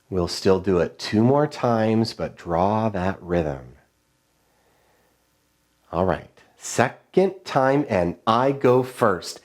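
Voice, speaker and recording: A man teaching a children's music lesson, his voice leaping up into a sing-song for the rhythm chants. He speaks slowly and deliberately, with very animated intonation and warm encouragement. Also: mid-range voice. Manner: clear, encouraging classroom call-and-response.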